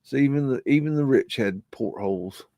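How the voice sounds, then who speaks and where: A man's voice: mid-range voice, animated, moderate pace, mellow, no echo. Rambling man, dry close mic. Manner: rambling, scolds his dog in a rough drawl. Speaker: host of a live stream. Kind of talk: casual live commentary over old photos.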